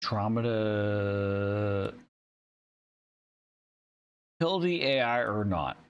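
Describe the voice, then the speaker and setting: A man's voice: mid-range voice, big pitch swings, unhurried, fairly bright tone, lo-fi sound. A man with hiccups, casually commenting on a video game while reading search results aloud and thinking through a choice. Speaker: gamer playing and commenting.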